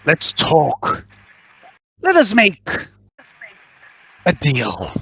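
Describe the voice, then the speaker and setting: A man voicing a scheming male heretic who speaks over a comm link, measured and menacing. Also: fairly high pitch, wildly swooping pitch, bright, forceful tone, breathy edge, full character voice. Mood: coldly persuasive. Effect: comm bead radio.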